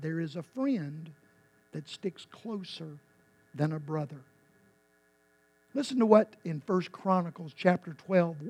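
A man preaching a sermon as pastor, impassioned, swinging from quiet to loud with emphatic repetition. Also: a little high, no echo.

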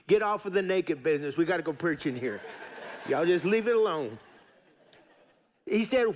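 A middle-aged pastor delivers a sermon in a fairly high voice. He preaches in a folksy, emphatic way, repeating phrases for weight and turning to the congregation with asides. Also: lively intonation, normal speed.

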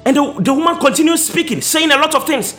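A man preaching a sermon with impassioned, sing-song delivery, often rising to a shout. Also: very high-pitched, animated, fast talker, soft background music.

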